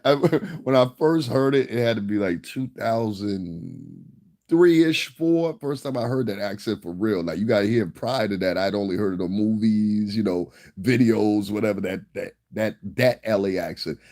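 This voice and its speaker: Man from the northeast us, low voice, rambling casual vlog, swears a lot, chuckles. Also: moderate pace, darkish tone. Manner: rambling and profane, with frequent chuckles. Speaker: vlogger. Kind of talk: casual monologue to camera.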